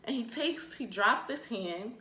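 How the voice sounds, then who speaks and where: Animated, swearing woman in an echoey room. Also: fairly high pitch, a little slow. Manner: animated, swearing, exasperated outbursts. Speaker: vlogger. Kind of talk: comedic storytime rant.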